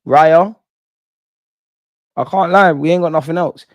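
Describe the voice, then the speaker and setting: A young man from a football fan channel rants live after the match, excitable and slangy, swearing and reading out chat. He has a fairly high pitch and an unhurried pace, and the close, dry recording has no room sound and cut-off highs.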